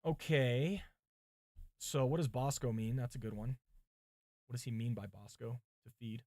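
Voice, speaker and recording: Pastor, man, mid-pitched, reads study notes aloud and muses between them on a dry, close-sounding track. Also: fairly even intonation, moderate pace, dark tone, no echo. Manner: thinking aloud, chatting with viewers between readings. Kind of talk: livestream sermon prep, reading commentaries aloud. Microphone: mic set far from him.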